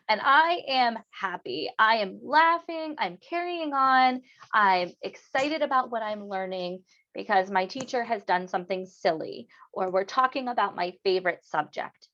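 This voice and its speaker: A woman's voice: sits high, fairly bright tone, lo-fi sound. A woman teacher giving a lesson on emotions, acting out feelings expressively for her students.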